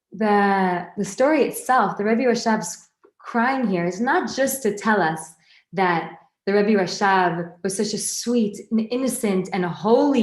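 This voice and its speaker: In a roomy, echoey recording, a Torah teacher speaks at a medium pitch during an informal class. Her delivery is lively and chatty, with frequent restarted sentences and asides to the people listening.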